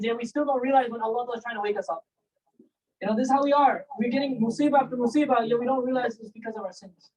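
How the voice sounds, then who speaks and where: A woman giving a storytelling religious lecture, acting out quoted voices and reciting Arabic verses. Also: husky. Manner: animated, acts out quoted voices. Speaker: religious teacher. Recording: distant, low-quality recording.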